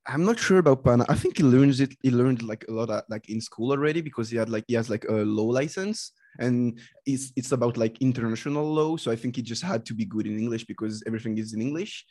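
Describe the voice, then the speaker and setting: A young man from France with a French accent, a guest chatting casually in halting English full of fillers. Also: medium pitch. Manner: relaxed, halting, many "like" fillers. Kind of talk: casual podcast chat.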